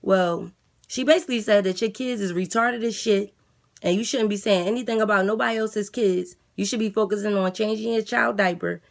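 A woman playing a weary jail guard who relays messages in a flat, matter-of-fact way. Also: mid-range voice, brisk, gravelly, close to an everyday voice. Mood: blunt. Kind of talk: comedy skit character voice.

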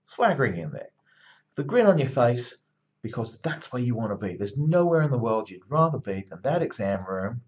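A man at a middle pitch delivers a university lecture like a pep talk, stacking repeated phrases. He pushes his points with steady emphasis. The recording sounds dull and lo-fi. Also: normal speed.

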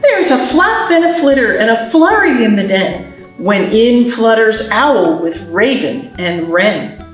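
A woman's voice: on the high side, expressive, unhurried, soft background music. A woman librarian reading a picture book aloud and teaching signs to babies and parents, in a sing-song storytime manner. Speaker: children's librarian. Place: library, roomy space. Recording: very echoey room, mic at a distance.

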